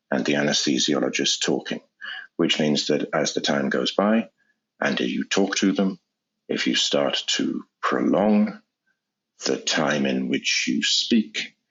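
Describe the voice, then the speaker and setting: A very low, gravelly male voice with a husky edge, heard over a dull, lo-fi recording. He is an anesthesiologist explaining his methods in a measured, careful way, often repeating a word as he restarts a sentence. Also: a bit bright. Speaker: anesthesiologist guest. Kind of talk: explanatory interview talk. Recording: dull lo-fi sound.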